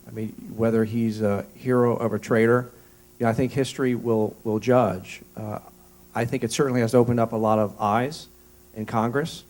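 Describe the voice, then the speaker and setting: A man answering as a candidate at a forum, measured and hedging, stammering at the starts of sentences. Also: mid-range voice, steady tone, a little mellow. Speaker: congressional candidate.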